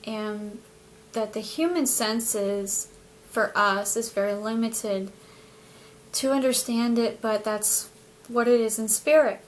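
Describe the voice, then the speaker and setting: A woman telling a personal story in a casual, animated way, often hedging what she remembers. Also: a little high, slow, a little hiss or hum. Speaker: spiritual channel host.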